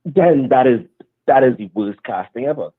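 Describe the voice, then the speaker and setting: Raspy man ranting over a phone line. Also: mid-range voice, lively intonation, normal speed. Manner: argumentative, insistent. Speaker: caller. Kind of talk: phoned-in rant.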